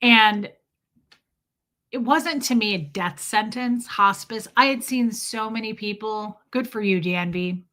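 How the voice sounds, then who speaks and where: A young woman hosts a livestream and tells a long personal story in an easy, chatty way. She keeps stopping to answer her viewers' comments before picking the story back up. Her voice is bright and sharp. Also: mid-range voice, a little slow. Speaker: livestream host. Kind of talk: casual storytelling to a live chat.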